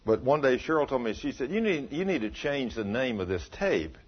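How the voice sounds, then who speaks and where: A husky-voiced man preaches a folksy, storytelling sermon. His delivery swings from low and quiet to loud, emphatic peaks. The recording is dull and lo-fi. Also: sing-song, brisk.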